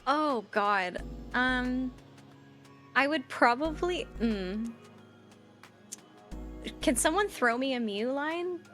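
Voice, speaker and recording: A woman's voice: high-pitched, animated, very slow, long pauses, fairly bright tone, faint music behind. A woman joining a stream as a guest over a call, chatting in a bubbly way and laughing often. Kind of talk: casual stream chat. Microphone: remote call mic.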